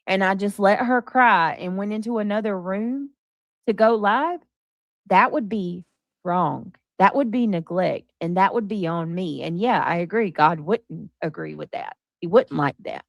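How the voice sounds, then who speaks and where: A woman's voice: medium pitch, unhurried, creaky, no echo. Emphatic woman livestream host, dry sound. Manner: emphatic, defensive, talking to chat. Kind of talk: livestream chat.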